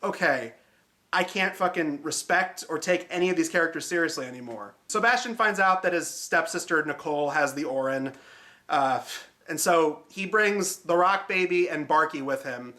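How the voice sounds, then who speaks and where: A man's voice: fairly high pitch, normal speed, sharp tone. A man hosting a film review show, talking casually and sarcastically and swearing often. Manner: sarcastic, swears freely, mocking.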